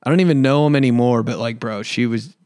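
A man's voice: mid-range voice, fast talker, darkish tone, clean tone, no echo. Profane rambling young man, dry mic. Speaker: podcast host and comedian. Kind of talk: casual solo podcast chat.

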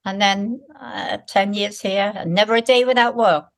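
An elderly woman in her eighties, originally from Liverpool, talks in a brisk, spirited storytelling voice. Her pitch sits at an ordinary middle height for a woman, and she acts out the lines of the people in her stories. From Liverpool, England. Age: 80s. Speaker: guest. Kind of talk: conversational storytelling.

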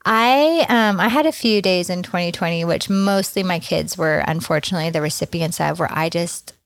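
A woman in her forties hosting a casual church podcast conversation, reflective and quick to laugh at herself as she leads with questions. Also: lowish voice, dry recording.

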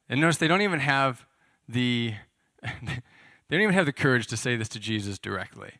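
A man's voice: mid-range voice, lively intonation, a little fast, bright, forceful tone, no echo, studio quality. A man preaching a casual, conversational sermon, explaining scripture and asking his listeners questions. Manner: conversational, asks the audience questions. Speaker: pastor. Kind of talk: sermon teaching.

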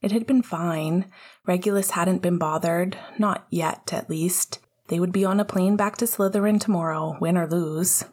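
Husky woman reading a story out loud, low voice, calm and even. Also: normal speed. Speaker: audiobook narrator. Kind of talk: reading fan fiction aloud.

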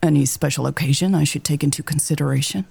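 A woman's voice: sits low, fast talker, vocal fry, a little mellow, slightly rough, full character voice. A woman voicing a kind young shop clerk who speaks in a polite, honeyed service tone.

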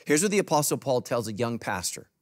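A man's voice: big pitch swings, fast. Emphatic male pastor preaching. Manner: emphatic preaching, swinging from loud punchy lines to soft low asides. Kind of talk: sermon. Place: church in front of a congregation.

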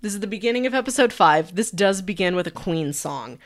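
A woman podcast co-host casually recapping a TV show, chatty and animated, laughing often. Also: mid-range voice, fairly quick.

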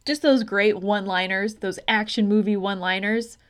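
A woman's voice: mid-range voice, steady tone, normal speed, clean tone. A woman co-hosting a podcast, talking frankly and casually about a movie and swearing freely. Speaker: podcast co-host. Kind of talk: casual movie-review chat.

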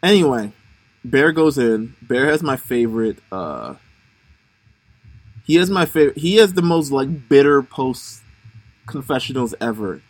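A young man in casual conversation, talking in a loose, rambling way full of fillers and slang. His voice sits at an ordinary middle pitch. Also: big pitch swings, unhurried, long pauses, no room sound, low-quality recording. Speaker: podcast co-host. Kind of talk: casual chat recapping a reality show.

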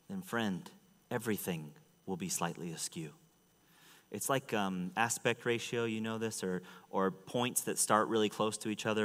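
A man preaching a sermon to a church, rising to loud, high fervent stretches and dropping to quiet asides. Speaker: pastor. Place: church sanctuary. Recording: long hall reverb.

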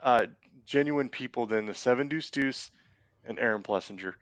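Man, podcast guest, laid-back and enthusiastic, casual swearing, mid-pitched, dry close recording. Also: moderate pace, fairly bright tone, no room sound. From United States. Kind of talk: casual chat.

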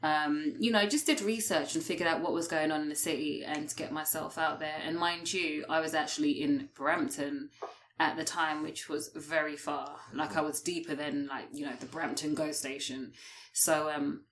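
A British woman who is a podcast guest, telling a lively story with frequent laughter. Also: low voice, moderate pace, a little hiss or hum. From United Kingdom. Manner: lively, laughs often while telling stories. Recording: roomy echo.

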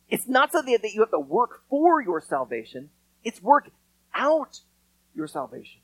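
A man's voice: very high voice, fairly bright tone, dry recording, low-quality recording. A man preaching a sermon as pastor, talking to the congregation in an earnest, conversational way with touches of dry sarcasm.

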